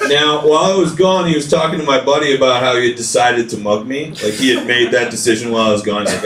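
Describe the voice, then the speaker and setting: A man's voice: mid-range voice, fast talker, few pauses, background noise. A man in his late twenties doing a loose, rambling stand-up set with crowd work in a basement comedy room. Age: late 20s. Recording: roomy live recording from a distance.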